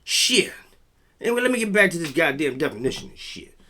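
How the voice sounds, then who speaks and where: A man with a high voice and a piercing, very bright edge talks straight to his viewers. He is blunt and swears freely. He reads text aloud, then breaks off into his own rants. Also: big pitch swings, brisk. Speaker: vlog host. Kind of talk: profane commentary monologue.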